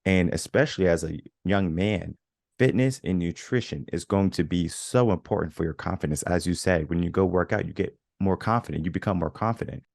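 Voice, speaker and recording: Man, very low voice, dry close sound, motivational podcast guest, earnest. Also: a little fast, gravelly, a little mellow, no room sound. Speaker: guest coach. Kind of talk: podcast conversation.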